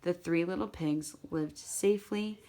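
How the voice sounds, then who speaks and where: Woman telling a children's story, lowish voice. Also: a little slow. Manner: animated, repetitive read-aloud telling with slips. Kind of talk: storytelling to an audience.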